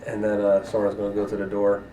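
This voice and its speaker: Player, man, easygoing jokes, deep-ish voice, clear noise and clicks behind. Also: completely flat delivery, quick pace. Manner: easygoing, joking. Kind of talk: playing a tabletop game.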